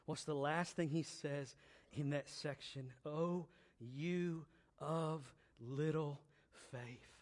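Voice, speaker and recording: A man preaching a sermon in a high, light voice, taking his time over every phrase. He drops into hushed, low stretches, then climbs to loud, fervent emphasis. His repetitions land slowly and deliberately. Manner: swings from quiet, low reflection to loud, high-pitched emphatic exhortation; slow, deliberate delivery with repeated phrases.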